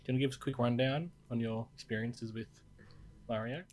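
A man's voice: medium pitch, steady tone, a little fast, darkish tone, a little hiss or hum. Man, podcast co-host, casual chat, playful, quizzing. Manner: playful, quizzing, laughs often.

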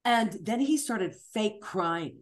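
Frank animated woman comic. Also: medium pitch, takes it slowly. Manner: animated, acts out voices and screams in the retelling; swears freely, frank and emphatic. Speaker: stand-up comic telling a personal story. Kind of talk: storytelling interview.

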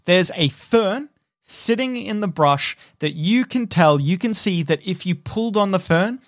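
A man narrating as game master in a tabletop role-playing game, unhurried and descriptive, with frequent restarts. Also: sits high, expressive, dry recording, studio quality.

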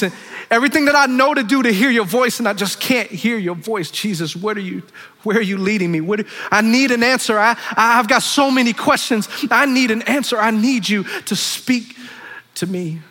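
A man with a high, bright voice preaching with fervor, surging up in pitch and force and then dropping to low, quiet asides. His voice rings out with the long reverb of a large church hall. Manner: impassioned, swinging between loud high preaching and hushed low asides. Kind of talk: sermon.

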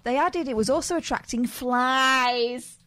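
A woman's voice: high voice, a little slow, pushed and bright. Dry, sarcastic woman podcast co-host. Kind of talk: casual comedic chat.

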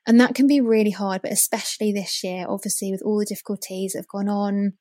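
A woman's voice: medium pitch, fairly even intonation, quick pace, few pauses, darkish tone, dry recording. Reflective woman expert, dry sound. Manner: reflective, explanatory, with frequent you-knows. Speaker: mental health expert guest. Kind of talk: casual interview chat.

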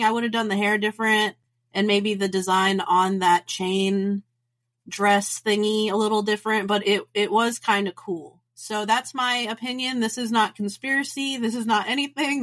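A woman's voice: medium pitch, a bit bright. A woman co-hosting a podcast, chatting casually and bluntly sharing her opinions. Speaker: podcast co-host.

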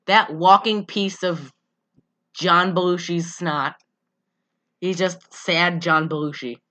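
A woman's voice: lowish voice, steady tone, slow, fairly bright tone. A woman co-hosting a casual podcast, sarcastic and profane, often exasperated and laughing. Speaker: podcast co-host. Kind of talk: casual movie-recap podcast chat.

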